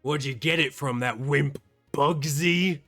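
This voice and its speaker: A man voicing a huge, gruff male foreman who mocks and bullies, with a loud, scornful voice. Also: slow pace, soft background music, exaggerated voice. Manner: booming, mocking.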